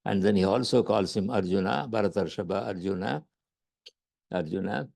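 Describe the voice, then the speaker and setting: A man with an Indian accent lectures on scripture as a yoga teacher. His voice is gravelly and mellow. He repeats his words and often checks in with "right?". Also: low-pitched, normal speed.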